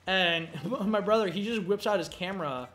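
Over faint game music, a young gameplay host tells loose, profane stories, leaning heavily on fillers. His voice is high and slightly bright, and he keeps a moderate pace.

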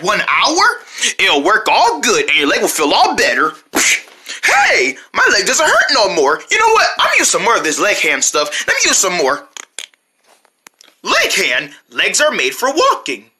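A woman voicing homemade parody cartoon ads, playfully jumping between character voices and shouted cries. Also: medium pitch, a little hiss or hum.

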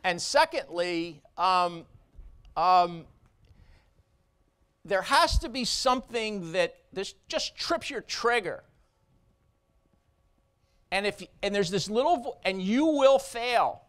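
A man's voice: high voice, animated, slow pace, long pauses, fairly bright tone, clear, resonant tone. A man who is a surgeon giving a conference keynote speech, blunt and emphatic, driving points home with short repeated phrases.

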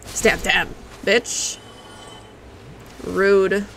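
A woman's voice: mid-range voice, flat delivery, very slow, gravelly, a bit bright, a little hiss or hum, rough recording. A woman livestreaming a video game, reacting with curses and chatting to her viewers. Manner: profane, reactive, talks to chat. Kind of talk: casual live gameplay commentary.

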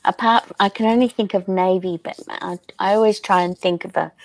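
A woman hosting a casual craft livestream, reading viewer comments aloud in an unhurried, chatty way and laughing often. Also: medium pitch, steady tone, vocal fry, no echo.

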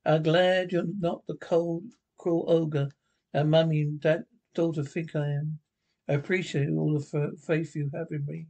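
Resentful stepfather read by a man, husky, sarcastic, radio drama. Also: a little high, little pitch movement, measured pace, darkish tone. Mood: bitter. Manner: sarcastic, cold.

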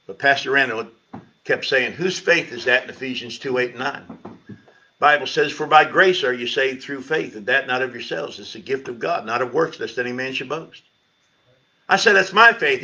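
A middle-aged man, a pastor, telling his conversion story at a church Bible study, with lively storytelling that climbs high when he quotes himself. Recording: lo-fi livestream sound.

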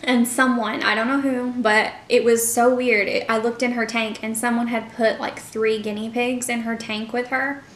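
A woman's voice: a little high, little pitch movement, moderate pace, echoey room, a little hiss or hum. A young woman chatting casually to her viewers in a mukbang vlog, full of fillers like "like" and "you know". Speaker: vlogger. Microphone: camera mic.

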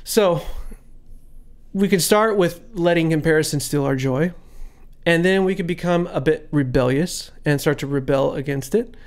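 A man's voice: on the high side, normal speed. A man giving a casual Bible devotional, talking through points conversationally with frequent fillers and reading scripture aloud. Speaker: devotional speaker.

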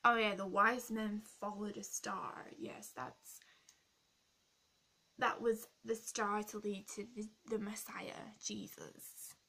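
A woman playing a sarcastic, gravelly young woman. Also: medium pitch, steady tone, slow pace, sharp tone, full character voice. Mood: ranting. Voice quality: blunt, sarcastic, swears freely. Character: snarky, rude young woman who mocks everything. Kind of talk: comic role-play vlog rant.

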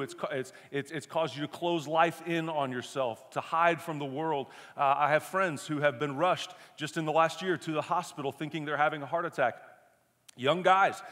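A man's voice: a little high, a bit bright, big-room sound. A man preaching a sermon as pastor, conversational and emphatic, with self-deprecating humor.

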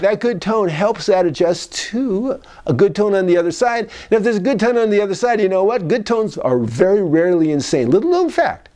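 A man's voice: high voice, fairly quick, few pauses, a little mellow. A man speaking as a psychologist in a casual advice monologue. He repeats key phrases and acts out tones of voice as he goes.

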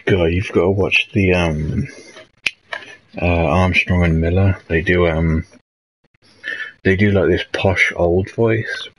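A man's voice: low-pitched, fairly even intonation, slow pace, long pauses, a little hiss or hum, low-quality recording. A young man hosting a casual late-night livestream, rambling and hesitant as he reads out chat messages. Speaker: livestream host.

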